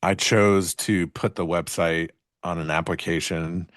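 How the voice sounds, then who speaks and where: Deep slow laid-back man. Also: fairly even intonation, fairly bright tone, dry recording, clean studio sound. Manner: laid-back, rambling with many fillers. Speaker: co-host of a live trading stream. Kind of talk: casual chat.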